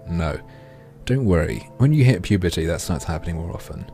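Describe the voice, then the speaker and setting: Sarkastischer Let's-Play-Sprecher mit tiefer Stimme. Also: male voice, low-pitched, lively intonation, a little fast, mellow, soft background music. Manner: sardonic, crude asides. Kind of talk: video game let's play commentary.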